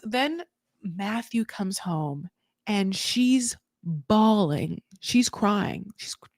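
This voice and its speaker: A woman hosting a comedic recap of a reality show, talking in an animated, jokey way, laughing often and acting out what people said. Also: medium pitch, extremely slow, long pauses, dry recording, clean studio sound.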